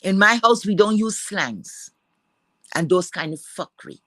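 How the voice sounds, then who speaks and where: A woman's voice: medium pitch, animated, a little slow, bright, forceful tone, no room sound, poor audio. A woman with a Caribbean accent ranting to her viewers in a scornful, profane way, repeating words for emphasis. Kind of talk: angry rant to viewers.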